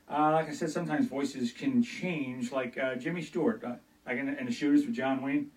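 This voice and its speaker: A man's voice: mid-range voice, normal speed, a little mellow, distant mic, poor audio. A man doing a comedy routine of voice impressions, talking through his asides in a hesitant, rambling way.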